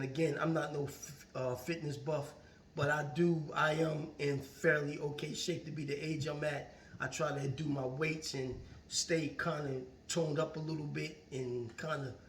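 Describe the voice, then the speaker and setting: A man's voice: a little high, a bit bright, slight background noise. A man vlogging a casual motivational monologue, earnest and preachy, often repeating his phrases. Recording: roomy echo, far from the mic.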